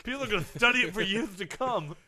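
A man in a comedic talk segment, rambling through gossip with deadpan jokes. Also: high-pitched, quick pace. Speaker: comedy panel guest. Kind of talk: comedic improvised banter.

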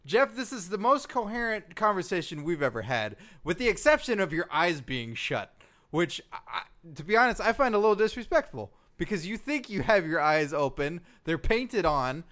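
A man's voice: high-pitched, big pitch swings, normal speed, fairly bright tone. A man hosting a comedy podcast, mock-indignant and stammering as he questions his co-host.

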